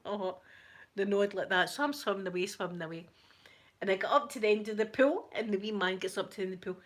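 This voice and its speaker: Chatty Scottish woman telling a story. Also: medium pitch. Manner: chatty, animated, with frequent laughter and soft asides. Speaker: ASMR channel host. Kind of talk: casual storytelling.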